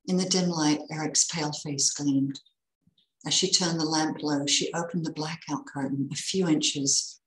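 A woman reading a Christmas story aloud in a measured, expressive way. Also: low voice, echoey room, slight background noise, rough recording.

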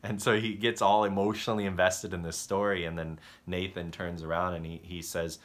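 A man preaching a conversational sermon as pastor, halting and restarting often, and acting out the voices of story characters. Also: low-pitched, flat delivery, fairly bright tone. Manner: halting, self-correcting delivery that acts out story characters.

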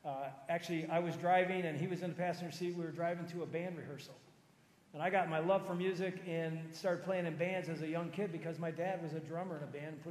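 A middle-aged man preaching a sermon, telling personal stories, moving from loud emphatic lines to soft low ones. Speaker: pastor. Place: large church sanctuary. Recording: roomy hall reverb.

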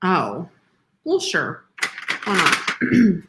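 A woman with a dry, deadpan delivery who talks slowly and takes her time. Clear background noise runs under her voice on the stream. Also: on the low side. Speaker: co-host. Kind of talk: casual live-stream chat.

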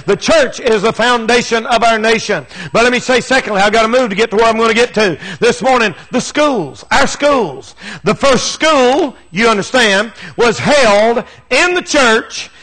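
A male preacher with a very high, bright and forceful voice. He preaches a fervent, emphatic sermon, driving his points home through repetition. His speech is folksy and plain, and he often rises to shouts. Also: moderate pace, low-quality recording.

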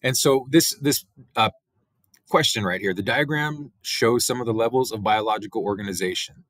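A male teacher giving a relaxed biology lecture, talking through slides with many fillers and "right?" tags. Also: lowish voice, moderate pace, no room sound. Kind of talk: recorded classroom lecture.

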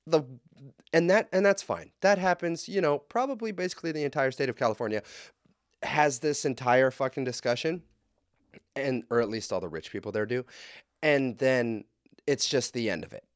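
A man's voice: mid-range voice, normal speed, dry recording, clean studio sound. Blunt, profane man ranting on a podcast. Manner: profane, blunt and heated, swings loud. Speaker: podcast host. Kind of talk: casual podcast rant.

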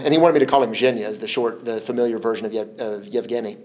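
A man as an interview guest, telling stories in a relaxed, hesitant way, repeating words and laughing often. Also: fairly low pitch, very fast. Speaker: interview guest, former translation collaborator. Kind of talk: relaxed conversational storytelling.

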